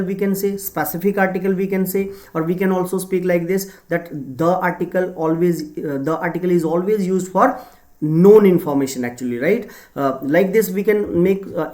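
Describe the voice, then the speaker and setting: A man's voice: sits high, darkish tone. A male teacher giving an exam-prep grammar lesson, talking with many fillers and frequent tag questions. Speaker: English teacher.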